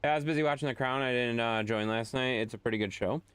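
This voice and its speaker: A man's voice: mid-range voice, quick pace, a bit bright, smooth, no echo. A young man, a game streamer casually chatting with his viewers from home and answering the chat as he plays. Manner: reads chat aloud and answers it, joking and repeating himself. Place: home room with a green screen.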